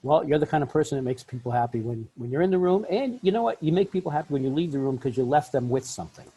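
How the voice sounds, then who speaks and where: A man hosting a podcast interview in casual chat, effusive and quick to laugh. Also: on the high side, lively intonation, mellow, slight background noise, poor audio. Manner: effusive, laughs often, talks in bursts. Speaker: podcast host.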